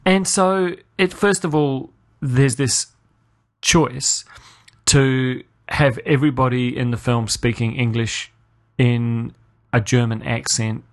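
A man hosting a podcast with a casual, sarcastic review in a mid-range voice. He stumbles and restarts as he rants, and he swings up into a high, disbelieving pitch. He sounds exasperated rather than calm. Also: takes it slowly. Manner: exasperated ranting, pitch leaping up when incredulous. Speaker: podcast host. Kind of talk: casual spoken film review.

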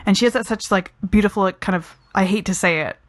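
A woman's voice: medium pitch, quick pace, dry recording. A woman co-hosting a film review chat, talking frankly and casually with lots of "like" and fillers. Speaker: film review podcast co-host.

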